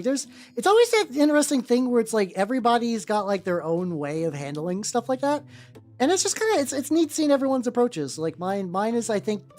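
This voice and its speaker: A man with an unusually high voice chats with his stream audience while he paints. His speech wanders, full of fillers, false starts and casual swearing. The intonation jumps around a lot, with soft music playing underneath. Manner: rambling, lots of fillers and restarts, casual swearing; chats with viewers while working. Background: faint background music.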